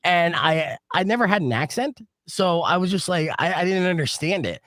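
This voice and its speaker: Brash male morning-show host from New Jersey, expressive delivery, dry booth mic. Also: high-pitched, moderate pace, no echo. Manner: animated, brash, swears casually. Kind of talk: casual radio and podcast chat.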